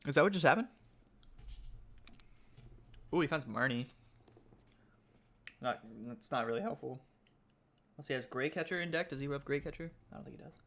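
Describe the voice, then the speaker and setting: A man giving live-stream commentary on a card game tournament, excitable and thinking aloud, often asking his chat questions. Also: fairly high pitch, normal speed, long pauses.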